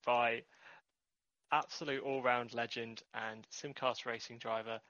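Podcast cohost guy, bright sharp voice, laughs a lot, dull dry mic. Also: medium pitch, level tone, normal speed, no echo. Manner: laughs often, teasing. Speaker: podcast co-host. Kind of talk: casual chat.

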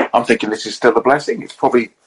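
A middle-aged man and racing driver on a podcast, telling motorsport anecdotes in a lively way and acting out the quotes. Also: mid-range voice, a little fast, slight background noise, low-quality recording.

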